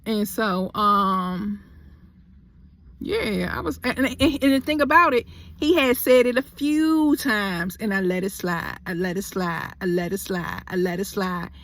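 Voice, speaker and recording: A woman's voice: medium pitch, a little slow, a bit bright. A young adult woman in a heated storytime vlog, talking bluntly. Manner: blunt, heavy cursing, heated. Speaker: vlogger.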